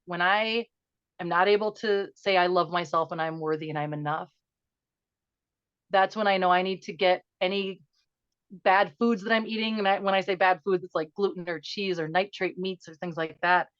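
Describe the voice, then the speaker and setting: A middle-aged woman guest speaking earnestly and emotionally in quick bursts, then slowly guiding a breathing exercise. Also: on the low side, fairly bright tone, clear, resonant tone, no room sound, muffled recording. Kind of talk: conversational interview, guided breathing.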